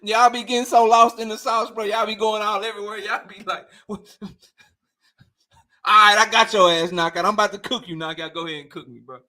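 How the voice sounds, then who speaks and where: A man's voice: sits high, steady tone, fairly quick, pushed and bright. A young man hosting a casual livestream debate, talking heated and slangy, repeating himself and often laughing. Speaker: host.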